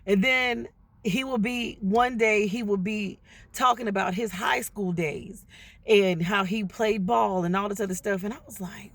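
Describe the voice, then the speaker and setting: A woman's voice: mid-range voice, unhurried. A woman telling a personal story in a casual, chatty way to her viewers, acting out what other people said. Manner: chatty, addresses viewers directly, acts out quoted voices.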